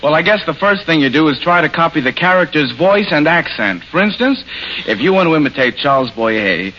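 A man's voice: on the high side, lively intonation, fairly quick. A man guesting as an impersonator on a 1940s radio comedy, easygoing and matter-of-fact. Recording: dull 1940s radio broadcast.

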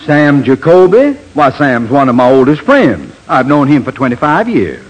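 A man's voice: medium pitch, huge pitch swings, moderate pace, husky, low-quality recording. A man playing a pompous colonel who runs a loan office, in a 1940s radio comedy. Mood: genteel. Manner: courtly, then indignant. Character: pompous southern colonel, loan manager, easily riled.

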